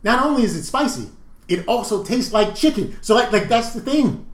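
A man co-hosting a casual podcast, telling stories with lively energy and loose swearing. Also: high-pitched, moderate pace, roomy sound. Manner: animated storytelling, swearing freely. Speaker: podcast co-host. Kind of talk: casual chat.

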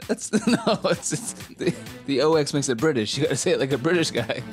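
A man co-hosting a crude comedy podcast, jumping in with quick joking interjections and playful heckling. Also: fairly high pitch, animated, soft background music. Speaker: podcast co-host.

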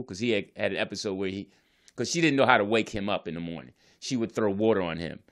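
A man's voice: on the low side, fast talker. A divorced father telling his family story in a casual, earnest, rambling way, often restarting his sentences.

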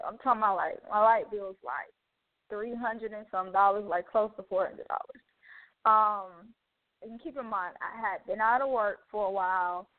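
A woman's voice: medium pitch, no room sound. A woman radio host telling a personal testimony in a heartfelt, chatty way, full of "you know" asides. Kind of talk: personal testimony, casual talk. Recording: narrow phone-like sound, dry.

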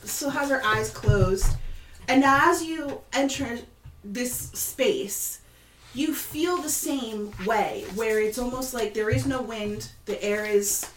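A woman's voice: on the high side, slow, roomy sound, a little hiss or hum, rough recording. A woman narrating a tabletop game as game master, describing scenes at length with loose fillers.

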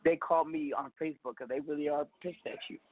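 A man's voice: a little high, steady tone, fast. Joking man hosting call-in radio. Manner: playful, teasing, laughs often. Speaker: radio show host. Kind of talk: casual call-in radio chat. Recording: tinny phone line.

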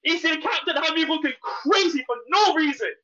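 A man with a Scottish accent chatting loudly on a live stream, laughing and swearing. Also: very high voice, fairly quick, lo-fi sound. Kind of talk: casual banter. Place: home room.

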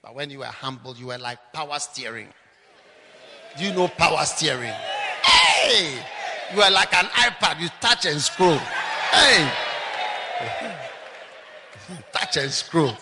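A man preaching a lively, mocking, humorous sermon, often mimicking people. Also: a little high, unhurried, big-room sound, a crowd in the background, noisy background.

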